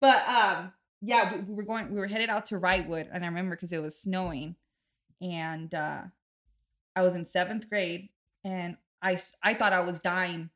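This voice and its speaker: A woman in her thirties hosting a casual podcast chat, telling animated stories, acting out voices and laughing often. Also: normal speed. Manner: animated storyteller, acts out voices with loud high bursts and laughter. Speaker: podcast host.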